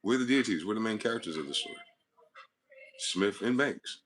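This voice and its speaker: A man's voice: fairly low pitch, animated, moderate pace, a bit bright, slight background noise. A man hosting his own channel, talking alone in a rambling, profane monologue built on wordplay. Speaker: channel host. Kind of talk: solo monologue to camera.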